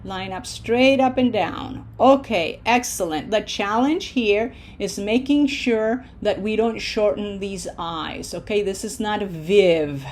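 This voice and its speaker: A woman teaching a language at a slow, unhurried pace. She speaks patiently and deliberately, pausing to check in with her students. When she models words, she draws her vowels out long. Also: medium pitch, a little hiss or hum. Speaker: Spanish teacher. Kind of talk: language lesson over slides.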